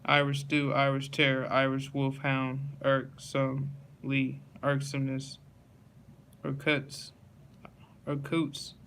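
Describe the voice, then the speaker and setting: A man reads through a dictionary word list, one entry after another, in an utterly flat voice that barely moves in pitch. He stumbles now and then and restarts a word. Faint ambient noise sits behind him. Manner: slow monotone word-by-word reading with stumbles and restarts.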